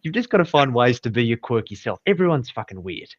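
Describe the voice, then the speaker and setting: A man's voice: mid-range voice, big pitch swings, fast, no echo. A man, co-hosting a podcast in a casual, blunt, storytelling way. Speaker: podcast co-host, financial adviser. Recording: dull, dry sound.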